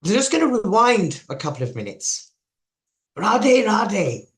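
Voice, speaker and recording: A man's voice: high voice, huge pitch swings, fairly quick, a bit bright. A man with an English accent giving a chatty devotional talk, sharing stories and asking the audience questions. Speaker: preacher.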